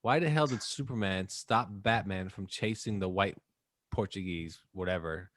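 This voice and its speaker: A man co-hosting a casual podcast, talking in an animated, jokey way and acting out quick bits of movie dialogue. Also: deep voice, dry recording. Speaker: podcast co-host. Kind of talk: casual chat.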